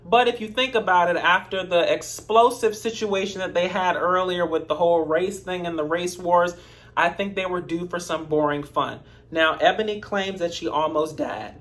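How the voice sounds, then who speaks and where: A man's voice: high-pitched, moderate pace, a bit bright. A man giving casual recap commentary on a TV episode, chatty, with sassy asides to his viewers. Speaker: TV episode reviewer.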